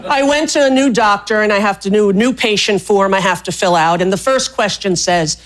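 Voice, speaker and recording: A middle-aged woman from New York City telling stand-up stories, chatty and animated, on a live stage. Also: mid-range voice, moderate pace. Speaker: stand-up comedian. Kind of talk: stand-up comedy set. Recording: live stage with loud laughing crowd and room noise.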